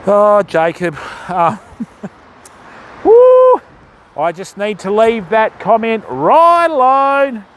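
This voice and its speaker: A high-pitched Australian man chats casually on a live fishing stream, ribbing his viewers with easy banter as he casts outdoors. Faint outdoor noise sits behind his voice. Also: expressive, slow, long pauses, fairly bright tone.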